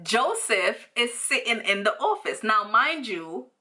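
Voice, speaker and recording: A woman's voice: fairly high pitch, very animated, measured pace, sharp tone. A young woman from New York telling a storytime vlog, rambling with lots of fillers and slang. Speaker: vlogger.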